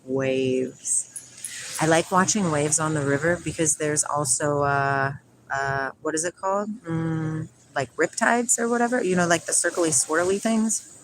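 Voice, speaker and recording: A woman's voice: low voice, measured pace, a little hiss or hum. A middle-aged woman from Washington state, chatting playfully and rambling on a livestream outdoors by a river. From Washington state, USA. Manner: rambling, playful, drifts between chat and singing. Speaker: livestream host. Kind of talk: casual livestream chat with viewers.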